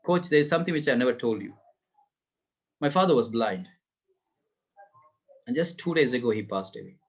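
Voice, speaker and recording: A man voicing a grieving teenage boy athlete in a story, speaking softly and subdued. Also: mid-range voice, expressive, normal speed, husky.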